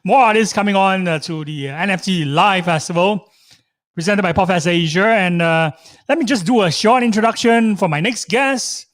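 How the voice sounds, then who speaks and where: A man's voice: high-pitched, normal speed, a bit bright, no room sound, clean studio sound. A man hosting a live online interview, giving upbeat, effusive introductions. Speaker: host.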